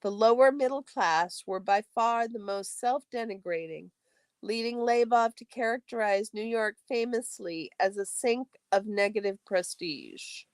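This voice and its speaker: Woman, mid-pitched, steady textbook read-aloud for a study stream, careful with occasional self-corrections, dry close sound. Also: a little slow, dry recording.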